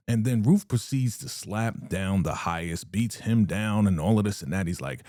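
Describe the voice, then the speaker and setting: A man recapping a TV episode in a casual, animated storytelling way. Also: fairly low pitch, normal speed, few pauses, no echo, studio quality. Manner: animated storytelling, acts out the quotes. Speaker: TV recap vlogger.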